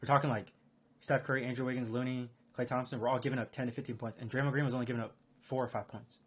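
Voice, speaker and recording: A man streaming casual chat, rambling and excitable, full of fillers and restarts. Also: mid-range voice, racing, husky. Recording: dull lo-fi stream audio.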